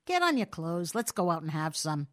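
A woman reading aloud, voicing a gruff, hearty male burglar who talks in loud, brusque slang. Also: lowish voice, sing-song, moderate pace, pitched below the performer's own voice. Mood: blustering.

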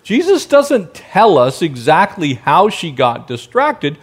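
A male pastor delivering a sermon in a high, lively voice that swings widely in pitch. He keeps firing rhetorical questions at his listeners and now and then softens into a gentle hush. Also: takes it slowly, husky. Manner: animated preaching, rhetorical questions to the congregation; drops to a soft, gentle tone for quiet passages.

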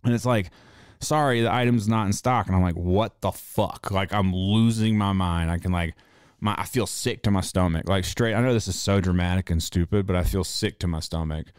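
Profane, animated man telling a story. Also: deep voice, fairly quick, clear, resonant tone, no room sound, studio quality. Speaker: podcast host; tattoo shop owner. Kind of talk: casual monologue.

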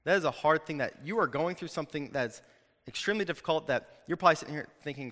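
A man's voice: a little high, quick pace. Young man preaching in a reverberant hall. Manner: animated, conversational, jokes with the audience. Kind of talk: sermon. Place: hall with an audience.

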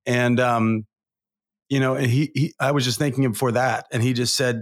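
A man's voice: mid-range voice, fairly even intonation, moderate pace. A man in his forties, a guest coach on an interview show, telling personal stories in an earnest, emotional, rambling way. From Southern California. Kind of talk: candid interview storytelling.

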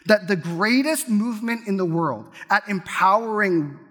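A man in his thirties preaching a sermon, telling stories with lively restarts. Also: high voice, measured pace. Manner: animated storytelling with repeated restarts. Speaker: pastor. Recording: long hall reverb.

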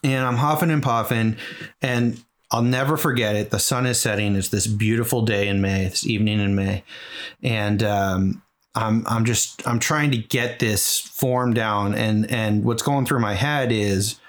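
A man's voice: mid-range voice, steady tone, moderate pace. A middle-aged man from New England telling a long personal story as an interview guest, earnest and rambling with many fillers. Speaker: guest, charity marathon runner.

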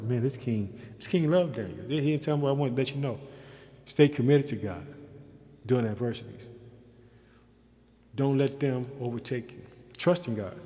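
A man's voice: mid-range voice, mellow. A man giving an informal sermon, reading scripture aloud and then commenting on it in loose, folksy asides, with fervent emphasis. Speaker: Bible teacher. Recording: echoey room with long reverb.

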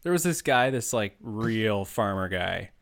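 A man's voice: on the low side, lively intonation, measured pace, creaky, fairly bright tone. A man from Buffalo, New York, chatting casually as a podcast co-host, rambling with lots of fillers and laughing easily. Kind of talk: casual chat.

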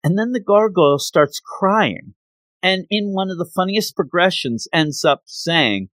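Brief: man retelling a comic book plot, lively swooping pitch, dry close sound. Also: no room sound. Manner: animated, acts out characters, quick asides.

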